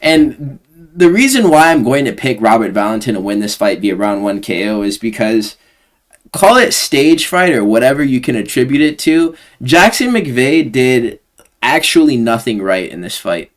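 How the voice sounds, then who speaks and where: A man breaks down upcoming fights in a loose, casual monologue. His voice sits at an average pitch, and he jokes and uses crude slang as he goes. It sounds like a solo home recording. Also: expressive, moderate pace. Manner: joking, slangy, crude humor. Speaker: host of a fight predictions channel. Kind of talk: casual fight-prediction commentary.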